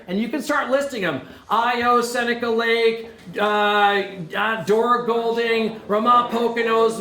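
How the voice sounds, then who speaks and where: A man giving an energetic, joking presentation to a room of prospective camp staff, often turning to the audience with questions. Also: sits high, a little hiss or hum. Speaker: camp director recruiting staff. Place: lecture room. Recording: roomy hall echo.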